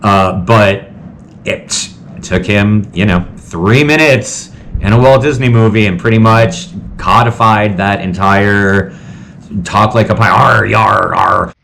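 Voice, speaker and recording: A man's voice: lowish voice, a little slow, a bit bright, slight background noise. A man hosting a casual film recap, chatty and rambling and full of "like". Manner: chatty and rambling, heavy use of "like". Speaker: host.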